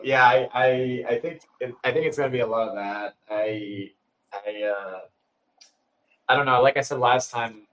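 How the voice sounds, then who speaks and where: A man's voice: on the low side, fairly bright tone, poor audio. A man speaking as a guest on a live audio panel, dry and hedging as he weighs what might be said. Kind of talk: casual market discussion. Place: remote live audio room.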